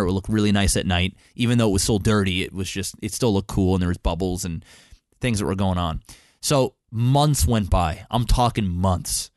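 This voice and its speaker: A man co-hosting a podcast, telling a long story in casual chat, swearing freely and jumping up in pitch when excited. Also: dry recording, clean studio sound. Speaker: podcast co-host.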